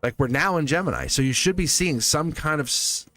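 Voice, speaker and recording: A man's voice: on the high side, expressive, brisk, a bit bright, soft background music. A man hosting a live tarot reading stream, chatting casually with viewers, laughing often and repeating himself as he talks. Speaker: tarot reader, livestream host.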